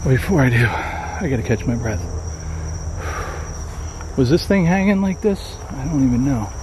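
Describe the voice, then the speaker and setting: A man's voice: medium pitch, expressive, moderate pace, noisy background. A man filming himself alone in an abandoned trailer at night, talking in a nervous, scared way, swearing often and dropping to a whisper. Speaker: paranormal vlogger. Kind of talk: nervous ghost-hunting vlog narration. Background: crickets and insects at night.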